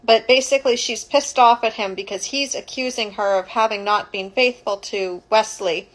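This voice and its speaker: A woman's voice: on the high side, fairly even intonation, moderate pace, poor audio. A woman, a childbirth educator, retelling a story casually, rambling and correcting herself as she goes.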